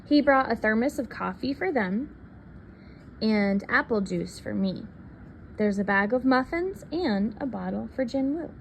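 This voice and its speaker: Woman reader, picture-book read-aloud, soft and unhurried, faint background hiss. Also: on the high side, expressive, vocal fry, dull audio.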